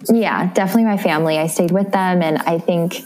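A woman's voice: fairly low pitch, quick pace, darkish tone. A young woman from the Midwest, a guest in a casual interview, speaking candidly and emotionally with many restarts. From American Midwest.

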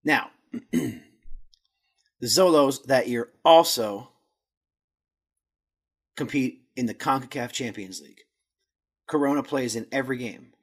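A man with a medium-pitched, slightly rough voice speaks slowly and pauses often. As a podcast host, he walks through a footballer's career in a casual stats rundown, stumbling over Spanish words and poking fun at himself.

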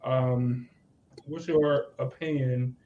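A man's voice: medium pitch, steady tone, very slow, phone-quality sound. A man co-hosting a casual podcast chat, joking and laughing as he reads things out. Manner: laughs often while reading out tweets, loose and joking. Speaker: podcast co-host.

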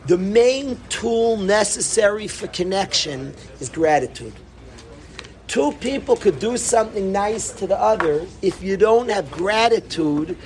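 A middle-aged man giving an animated Torah talk to students, repeating himself and bursting into emphatic calls. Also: high-pitched. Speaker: yeshiva rabbi.

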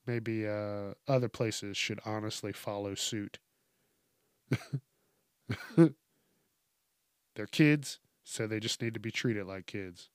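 A man hosting a comedic news commentary, ranting in a profane, animated way. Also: lowish voice, slow pace, long pauses, no echo, studio quality. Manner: profane, animated rant with laughs. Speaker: host.

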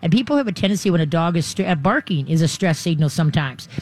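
Rambling, quick-talking dog trainer. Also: expressive. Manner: rambling, quick, breaks into high-pitched acted voices for owners and dogs. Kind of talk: casual spoken advice.

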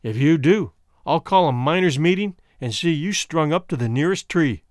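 A man voicing a scheming, smooth-talking man who speaks with deliberate, mock-polite slowness. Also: fairly high pitch, lively intonation, dry recording, studio quality, natural voice. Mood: smug. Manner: deliberate, judicial, mock-apologetic.

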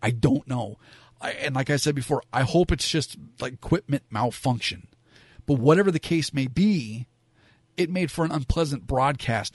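A wrestling commentator from Southern California delivers a casual monologue in a mid-range male voice, with no room sound. His opinions are frank and rambling, packed with fillers and side comments.

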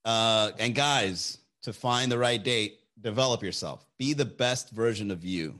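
A man's voice: fairly low pitch, unhurried. A man hosting casual chat with his viewers, giving blunt, profane, opinionated dating advice. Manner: animated, shifts voice for quotes.

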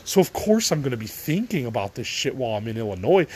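Middle-aged man, husky voice, rambling solo podcast monologue, tired venting, trails off mid-sentence. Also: mid-range voice, very animated, a little fast, hardly any pauses. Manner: rambling, trails off, restarts, swears casually. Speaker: podcast host.

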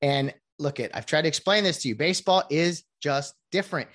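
A woman's voice: low voice, lively intonation, a little fast, fairly bright tone. A woman ranting casually to viewers about sports, rambling with many restarts and asides. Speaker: sports commentator.

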